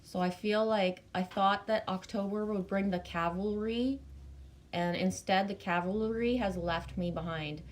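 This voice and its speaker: A woman from Canada, speaking medium-pitched and a little slowly with a Canadian accent, runs a casual livestream and reads the chat. She's bubbly and talkative, greeting viewers by name and tossing in casual swears.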